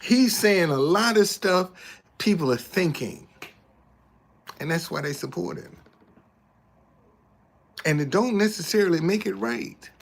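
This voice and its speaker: A man's voice: sits high, expressive, a little slow, vocal fry, pauses often. A man giving preachy casual commentary as an online host, emphatic and repeating his words like a preacher.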